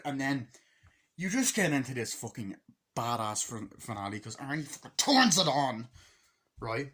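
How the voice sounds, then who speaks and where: A man casually reviewing a film, swearing freely and acting out scenes in quick voices as he rambles through the plot. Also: mid-range voice, breathy edge. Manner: excited, rambling retelling. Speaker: movie reviewer.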